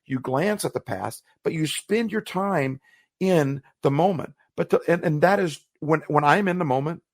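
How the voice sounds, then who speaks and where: On a motivational podcast, a co-host with a fairly high, expressive voice speaks at a moderate pace, sounding earnest and thoughtful and circling back on phrases while he finds his words. The sound is clean, dry studio audio.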